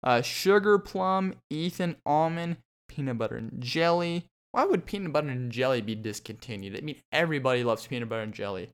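A young man talks alone into his podcast mic, loose and rambling, full of ums and restarts. His voice is smooth and clear, set in a middle pitch. He jokes his way through his segment. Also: lively intonation, brisk, hardly any pauses. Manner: rambling and jokey, with many fillers and restarts. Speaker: podcast host. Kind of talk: solo podcast monologue.

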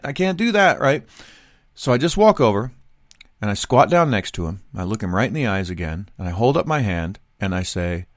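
A man's voice: medium pitch, dry recording, studio quality. A middle-aged man telling a rambling travel story in a casual monologue, full of restarts and asides.

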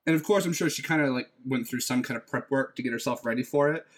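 A man co-hosting a podcast, telling a story in an animated, casual way. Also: mid-range voice, fast. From United States. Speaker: podcast co-host. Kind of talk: casual chat.

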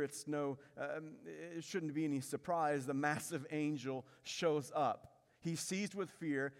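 A man preaching a sermon as pastor, building intensity through repetition and dropping low to stress key lines. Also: long reverb tail.

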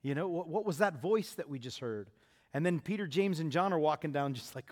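A man preaching a sermon, acting out the voices of the people in his story and speaking with lively, conversational emphasis. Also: fairly high pitch, fairly quick, long reverb tail. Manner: animated, acts out Jesus and disciples. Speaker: pastor.

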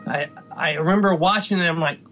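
Guy stumbling a bit over his words, kinda high voice, faint music. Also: a little fast, a bit bright. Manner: hesitant, repeats words. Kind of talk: casual TV review chat.

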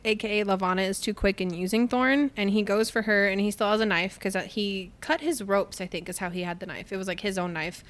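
A young woman co-hosting a casual book podcast, retelling scenes with lots of laughter and acted-out quotes. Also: mid-range voice. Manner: animated storytelling, quick to laugh, acts out quotes. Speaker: podcast co-host.

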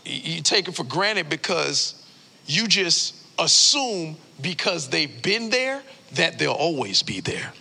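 A male pastor delivers an animated, story-driven sermon full of casual slang. His voice is high and sharply bright with a gravelly texture. It rings with the long reverb of a church hall. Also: slow pace. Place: church sanctuary.

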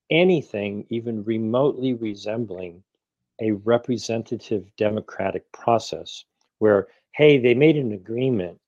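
Emphatic man in his sixties, mellow voice. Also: fairly low pitch, dry recording, lo-fi sound. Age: 60s. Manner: emphatic, argumentative, rhetorical questions. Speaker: activist guest. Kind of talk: interview conversation.

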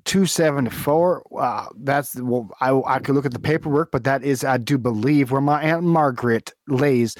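A man's voice: medium pitch, moderate pace, few pauses, dry recording, natural voice. A man playing an indignant, formal caller on a prank phone call who defends his dead aunt and keeps saying sir.

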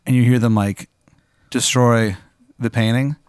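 A man's voice: lowish voice, moderate pace, no echo, studio quality. A young man co-hosting a comedy show, spinning an improvised story with playful, dramatic narration and some hesitant fillers. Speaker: co-host.

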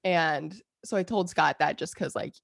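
Woman, podcast co-host, groggy, gravelly, lowish voice, dry close sound. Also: moderate pace, no room sound. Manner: chatty storyteller, laughs often, many fillers. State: groggy, strained throat. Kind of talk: casual chat.

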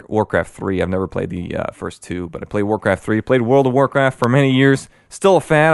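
Young man, podcast host, solo monologue, rambling, excitable, slightly out of breath, dry sound. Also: lowish voice, dry recording. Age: young adult. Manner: rambling, excitable, many fillers and restarts. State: a bit out of breath.

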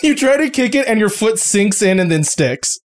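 A woman's voice: medium pitch, very animated, normal speed. A woman running a tabletop game as game master, narrating with frequent laughter. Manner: laughs often while narrating.

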